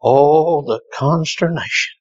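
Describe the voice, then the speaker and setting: High-voiced, slow, impassioned male preacher. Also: husky, dry recording, highs cut off. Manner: impassioned, swinging from hushed lows to shouted peaks. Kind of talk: sermon.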